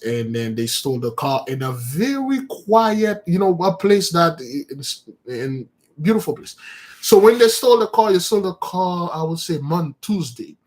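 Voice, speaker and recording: A man preaching on a live stream in an impassioned, emphatic way, often repeating and restarting his phrases. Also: mid-range voice. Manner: emphatic and repetitive, with many restarts. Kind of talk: impassioned livestream sermon.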